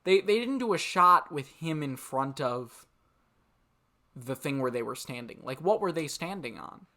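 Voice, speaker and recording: A young man talks through a movie review with his friend in a loose, rambling way, often restarting and laughing. His voice sits a bit high and sounds bright and forceful. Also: expressive, a little slow. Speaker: podcast co-host. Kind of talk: casual film review chat.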